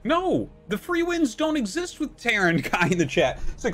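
A man in his thirties ranting live on stream, swearing freely and sounding fed up with his opponents and chat. His pitch leaps and dips through a lively, animated delivery. Faint game music plays softly behind his close desk mic. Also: normal speed, few pauses. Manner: ranting, exasperated, heavy swearing. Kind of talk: live-stream commentary while playing.

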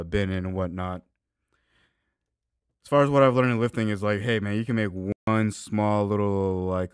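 Crude mocking man with a deep, smooth voice. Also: no echo, clean studio sound. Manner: shifts between loud outbursts and low mumbling. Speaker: reaction video host. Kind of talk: profane ranting reaction commentary.

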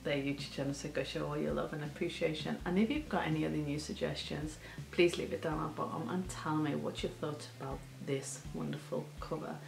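A woman's voice: low voice, steady tone, a little fast, creaky. A woman hosting a reaction video, tearful and crying, gushing with praise and laughing through her tears. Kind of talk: emotional reaction commentary. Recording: roomy echo.

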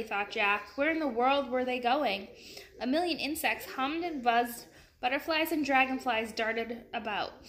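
A woman reads a children's chapter book aloud, friendly and expressive. Her voice is bright, set a little higher than usual. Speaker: storybook reader.

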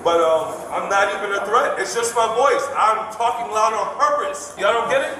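A drunk man from New York, a detained airline passenger, talking loudly and rambling, repeating himself, swearing and then apologizing. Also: high-pitched, moderate pace, recorded from a distance. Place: airport terminal. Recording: echoey terminal on body camera, noisy.

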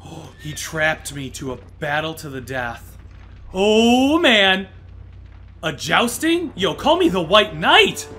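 Man, let's play host: high, bright voice that swings wildly, excitable yelps and groans over faint game music. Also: slow, slight background noise. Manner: excitable, loud exclamations and groans. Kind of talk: live gameplay commentary.

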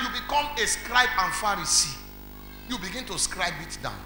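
Nigerian pastor man preaching, high voice, sharp and piercing, roomy echo, faint music behind. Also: sing-song, normal speed. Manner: preaches emphatically, quizzing the congregation; builds to shouts. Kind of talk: sermon. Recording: echoey hall with faint music.

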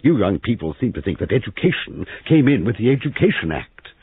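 A man voicing an imperious elderly woman guest, haughty and cutting, with slow emphatic words, heard in a phone-like, lo-fi reading. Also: fairly low pitch, very animated, husky, voice pushed up, full character voice.

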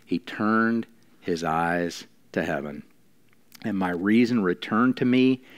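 A man with a low-pitched voice preaches a sermon in a church. He slows down to stress key lines and drops his voice to near-quiet before rising again with emphasis. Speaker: pastor.

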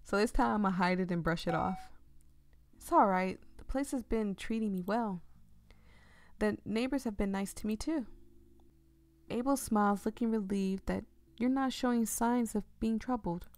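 A hoarse woman giving casual, self-deprecating commentary while reading a visual novel game aloud. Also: mid-range voice, moderate pace, a little mellow, no room sound. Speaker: gaming video creator.

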